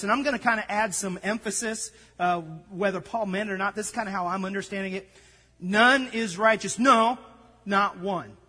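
High bright husky guy preaching, tells stories, acts out the lines, big echoey hall. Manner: storytelling, animated, acts out dialogue. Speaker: pastor. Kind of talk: sermon.

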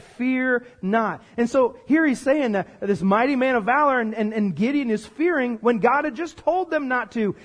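A male pastor with a strikingly high voice delivers a lively sermon. He jokes with the congregation and asks them to answer back. He sounds middle-aged.

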